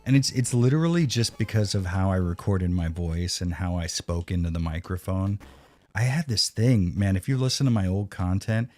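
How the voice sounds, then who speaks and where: A man's voice: low-pitched, moderate pace, a little mellow, no room sound. A man streaming a retro video game live, chatting casually with profane, sarcastic banter. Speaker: streamer playing a retro game and reading chat.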